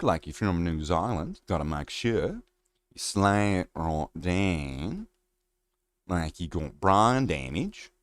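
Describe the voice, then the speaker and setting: A man putting on a mock Australian and New Zealand accent, talking in a slow, mumbled drawl. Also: medium pitch, darkish tone, natural voice.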